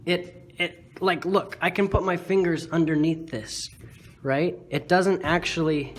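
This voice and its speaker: A man's voice: fairly high pitch, steady tone, measured pace, faint music behind. A man hosting a casual drawing tutorial, rambling and poking fun at his own mistakes with lots of filler words. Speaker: art tutorial host.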